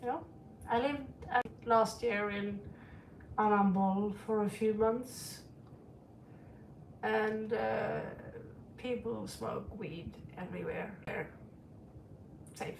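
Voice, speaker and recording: Chatting on a livestream while reading tarot, a middle-aged woman rambles frankly and calls her listeners sweetie. Her medium-pitched, gravelly voice moves slowly with many pauses. There's slight background noise, and she's away from the mic in an echoey room.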